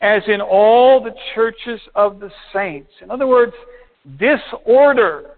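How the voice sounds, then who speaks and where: A man preaching a sermon as pastor, reading verses and explaining them steadily, slowing down to stress key points. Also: sits high. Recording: tinny phone-like sound.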